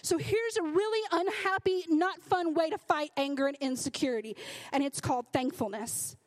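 A woman's voice: high-pitched, normal speed. A young adult woman preaching a sermon to a live congregation, conversational and emphatic, with many "right?" asides.

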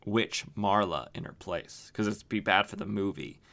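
A man's voice: lowish voice, normal speed, vocal fry, fairly bright tone. A man voicing a seductive comic-book woman in a teasing, purring way while recapping a story.

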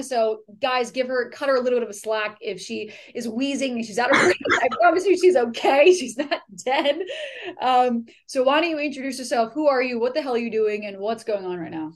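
A woman hosting a casual podcast interview, blunt, excitable and full of swearing. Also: a little high, a little fast. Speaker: podcast host and hairdresser.

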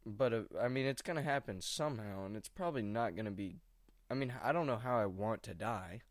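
A man's voice: lowish voice, lively intonation, brisk, no echo. A young man rambling casually and anxiously into a desk microphone while sitting at home on his couch. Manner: rambling, slangy, anxious musing. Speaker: vlogger. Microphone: microphone at a mixing board.

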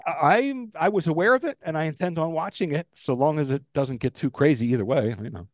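A man's voice: a little high, brisk, no room sound, studio quality. An older man, co-hosting a podcast in casual, rambling, emphatic chat. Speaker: podcast co-host.

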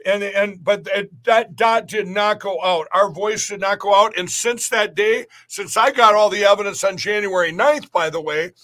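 Emphatic high-voiced man, rambling. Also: normal speed, hardly any pauses, pushed and bright. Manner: rambling and emphatic, with frequent restarts. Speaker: guest. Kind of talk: podcast interview talk.

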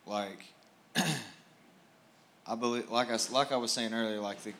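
A man's voice: medium pitch, steady tone, moderate pace, a bit bright, a little hiss or hum. A man giving a casual, rambling testimony on a church stage, full of fillers.

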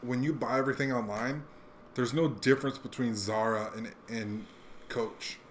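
A man in a relaxed podcast conversation talks in loose slang and swings his voice up when acting out what people say. His pitch sits in an ordinary middle range. A faint hiss of background noise sits under the recording. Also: normal speed. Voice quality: animated, slangy, acts out quotes. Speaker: podcast co-host. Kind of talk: casual chat.

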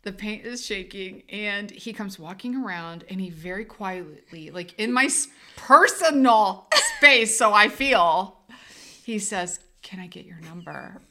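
Woman, podcast co-host, casual storyteller, bright tone, mid pitch. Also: unhurried. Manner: rambling, laughing as she tells a story.

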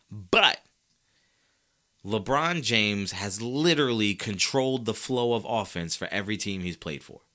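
A man hosts a sports talk show by himself, his bright voice pushing forward as his pitch rises and falls widely. Animated and argumentative, he asks rhetorical questions and uses casual slang while speaking directly to listeners.

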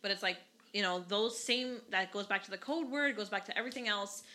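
Woman in her thirties, podcast co-host, bright tone, animated and profane storytelling. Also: mid-range voice, fairly quick. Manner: animated storytelling, swears freely. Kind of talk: casual chat.

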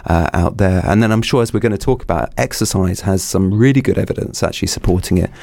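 A man's voice: deep voice, quick pace, gravelly, mellow, no room sound. A man appearing as a guest clinician, explaining things thoughtfully in conversation, with restarts and "kind of" fillers.

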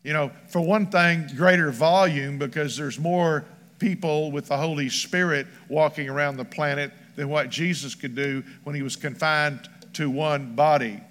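A man's voice: a little high, moderate pace, a bit bright. A man preaching a sermon as pastor, emphatic and rhythmic, reading scripture aloud. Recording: long church hall reverb.

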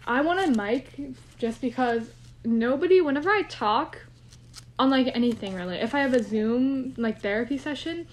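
Her voice a little high and her pace moderate, a young podcast co-host rambles through casual chat, laughing frequently. There's no real microphone here, just a phone or computer picking her up.

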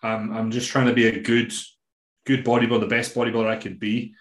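A man's voice: mid-range voice, fast, roomy sound. A Scottish man, a bodybuilding coach, chatting casually on a podcast, telling stories loosely with lots of swearing and fillers. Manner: swears freely, relaxed storytelling with many fillers.

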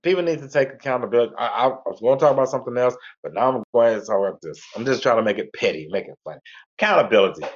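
A man's voice: mid-range voice, animated, very fast. A man hosting a talk radio show, rambling in a laid-back, repetitive way. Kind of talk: casual monologue. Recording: lo-fi internet radio audio.

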